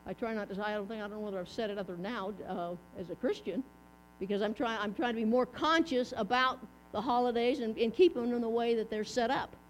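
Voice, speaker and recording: A woman's voice: fairly high pitch, brisk. A middle-aged woman giving a chatty, folksy sermon, asking her listeners questions. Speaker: preacher. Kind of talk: casual sermon. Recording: mains hum underneath.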